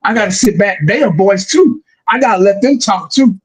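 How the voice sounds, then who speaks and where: A man in his forties, a fan commentator, rambling and animated in a casual podcast chat, acting out what people say to him. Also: high-pitched, normal speed, husky, rough recording. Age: 40s. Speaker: YouTube football fan commentator.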